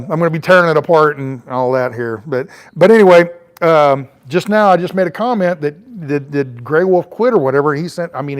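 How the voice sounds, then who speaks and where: The speaker is a middle-aged travel vlogger whose slightly high voice has a clean tone. He chats loosely and rambles on an outdoor porch, often using fillers and restarting his sentences.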